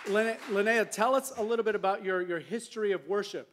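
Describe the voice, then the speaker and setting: A man's voice: high-pitched, brisk, a bit bright. A male pastor preaching a conversational sermon with casual asides and restarts in a church sanctuary.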